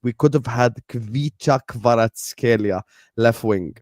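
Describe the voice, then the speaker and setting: A man's voice: medium pitch, slow, dry recording, clean studio sound. A man hosting a football watchalong, talking in casual, emphatic, joking banter with his co-host. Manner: animated, emphatic, laughing banter. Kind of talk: casual chat.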